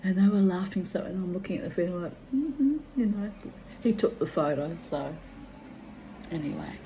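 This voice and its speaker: A woman's voice: fairly low pitch, moderate pace, mellow, a little hiss or hum. An older woman, rambling through a personal story in a chatty way, laughing often. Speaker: vlogger.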